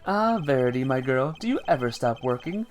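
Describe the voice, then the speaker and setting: A man's voice: medium pitch, sing-song, fairly quick, soft background music, voice pushed up, lightly acted. A man voicing a sentimental old man who sniffles and sobs between lines. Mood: jovial. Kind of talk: reading game dialogue aloud.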